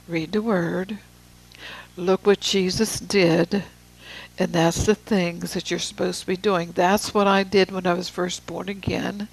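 A preacher giving a sermon, reading scripture with slow, deliberate emphasis and casual asides to the room. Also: mid-range voice, flat delivery, gravelly, husky, low-quality recording.

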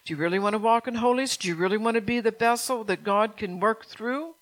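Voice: medium pitch, quick pace. A pastor preaching a stern, urgent sermon, repeating phrases and firing rhetorical questions at the congregation.

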